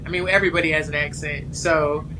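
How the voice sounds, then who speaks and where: Woman guest, West Coast accent, candid and halting with ums, clear background noise and passing traffic. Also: deep voice, fairly even intonation. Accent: West Coast American. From California. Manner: candid, frank, hesitant with many ums. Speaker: guest writer. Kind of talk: casual interview chat.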